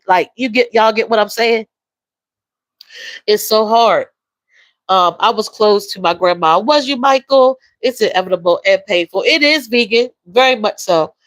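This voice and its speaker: A woman hosting a livestream, talking emotionally and softly with viewers, reading their comments and calling them y'all. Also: a little high, no echo, poor audio. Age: adult with a young daughter. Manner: emotional, soft-spoken, repeats phrases, addresses viewers as y'all and baby. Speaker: livestream host.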